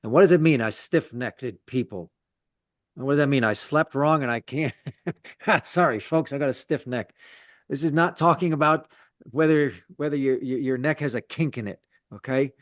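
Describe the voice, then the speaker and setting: A man's voice: mid-range voice, moderate pace, no echo. A man, a rabbi leading a Torah study, teaching conversationally with repeated words and self-deprecating asides. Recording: dull lo-fi sound.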